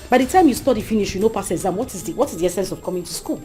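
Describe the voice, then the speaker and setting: A woman's voice: medium pitch, animated, rapid-fire, warm tone, soft background music, close to an everyday voice. An actress playing a scheming young female student with a Nigerian accent, coaxing and persuasive. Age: young adult. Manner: coaxing, persuasive, mixes Pidgin. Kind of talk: Nollywood-style skit acting.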